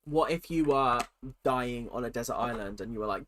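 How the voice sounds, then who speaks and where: A young streamer with a cold talks casually on a livestream, reading viewer questions aloud and answering them candidly. His medium-pitched, slightly bright voice moves at a moderate pace over slight background noise.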